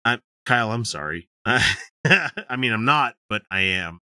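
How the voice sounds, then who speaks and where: A male podcast host talks casually and profanely, his voice bright and forward. His pitch swings widely as he jokes. He is recorded close and dry, with no room sound. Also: measured pace, dry recording. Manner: profane, joking and lively.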